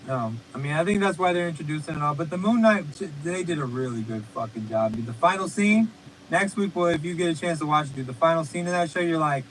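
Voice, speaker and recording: A man with a notably high voice chats loosely and swears freely while hosting a remote stream. His talk rambles, and faint noise hums underneath. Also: fast, a bit bright, poor audio. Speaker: podcast host. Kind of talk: casual profane chat. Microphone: remote stream call.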